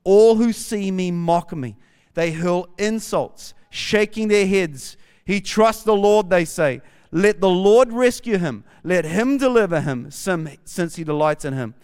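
A man's voice: sits high, expressive, a little slow, a little mellow, clear, resonant tone. A man with a New Zealand accent, a campus pastor preaching a sermon and reading scripture aloud with rising fervor. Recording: long hall reverb.

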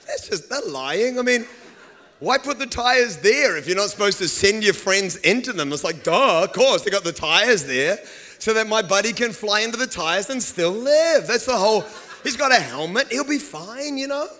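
Male preacher, high voice, animated and funny, live sermon with sound effects. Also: moderate pace. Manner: animated storytelling with humor. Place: room with a live congregation.

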